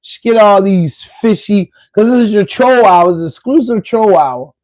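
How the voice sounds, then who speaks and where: A man's voice: high-pitched, expressive, a little slow, a little mellow, dry recording. A man with a Baltimore accent hosting a podcast live stream, talking casually and trading rhyming insults with trolls. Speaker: podcast host.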